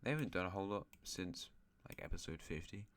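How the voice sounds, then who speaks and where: A man's voice: sits low, lively intonation, fast talker, a bit bright, slight background noise. A man hosting an alternate-history map series, narrating in a rambling, chatty way with self-mocking asides. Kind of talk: casual map-game commentary.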